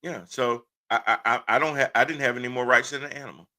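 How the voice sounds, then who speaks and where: A man's voice: medium pitch, fairly even intonation, fast, pushed and bright. Impassioned man hosting a stream. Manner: impassioned, blunt, laughs often. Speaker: host. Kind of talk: casual livestream talk.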